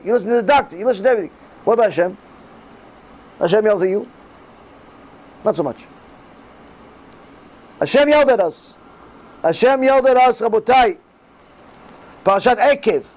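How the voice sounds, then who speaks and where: A middle-aged man giving a religious class in sermon style, animated and acting out the voices he quotes. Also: high voice, low-quality recording. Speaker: rabbi giving a Torah class.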